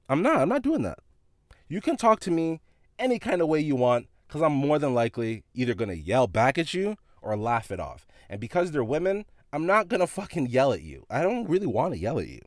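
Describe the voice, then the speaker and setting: A man who works in retail, casually telling a story about a store run-in, animated and full of swearing and laughter. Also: medium pitch, no room sound, studio quality.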